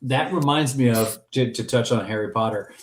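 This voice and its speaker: A man's voice: medium pitch, moderate pace, echoey room, a little hiss or hum. A man co-hosting a fan podcast in casual chat, enthusiastic and joking, with frequent restarts. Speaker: podcast co-host.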